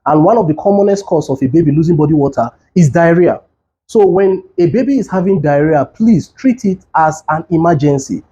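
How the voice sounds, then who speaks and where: A man's voice: a little high, lively intonation, fairly quick, dark tone, dull audio. A man, a doctor earnestly teaching caregivers with urgent, repeated warnings. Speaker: doctor giving health education. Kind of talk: instructional talk with demonstration.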